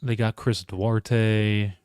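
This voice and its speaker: A man's voice: lowish voice, flat delivery, drawn-out words, a little mellow, smooth, no echo, clean studio sound. A man hosting a live solo sports reaction stream, rambling, interrupting himself and talking to his chat. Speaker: podcast host.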